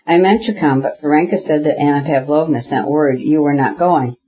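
A man voicing an earnest young noblewoman with an eager, raised, husky voice in a storybook reading. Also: on the high side, a little fast. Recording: dull lo-fi audiobook recording.

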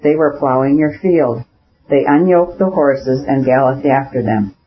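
A man's voice: medium pitch, unhurried, natural voice. A man voicing a plain-spoken, pious old male peasant beekeeper in an audiobook reading, with homely, deferential talk. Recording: dull lo-fi recording.

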